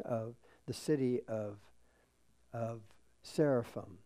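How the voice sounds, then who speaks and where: Unhurried preacher man, loud then hushed. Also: medium pitch, fairly even intonation. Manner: unhurried preaching, swinging from loud emphasis to quiet asides; reads scripture aloud and leads the congregation in prayer. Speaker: pastor. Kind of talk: sermon.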